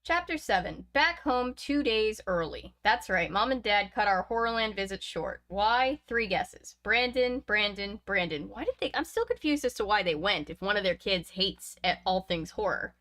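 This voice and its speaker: A woman's voice: mid-range voice, animated, normal speed, few pauses, a bit bright. A woman reading a book aloud, breaking off for chatty, laughing asides between passages. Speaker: reader of a book.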